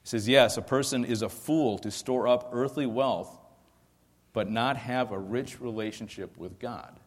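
A man preaching a sermon, earnest, asking rhetorical questions and slowing down to stress scripture verses. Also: medium pitch. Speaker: pastor. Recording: long hall reverb.

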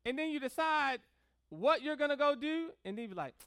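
Lively preacher, close dry sound. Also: high-pitched, a little fast, dry recording. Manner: conversational preaching with frequent "right?" check-ins; animated, leans hard on key words. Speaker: pastor. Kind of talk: sermon.

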